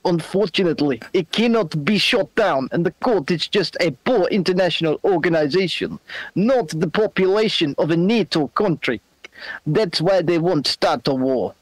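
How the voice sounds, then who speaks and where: A man doing a put-on Russian accent, voicing a menacing politician slowly reading out threats. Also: fairly high pitch, expressive, no room sound, pitched below the performer's own voice, low-quality recording. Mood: ominous. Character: menacing Russian politician issuing threats, male, middle-aged.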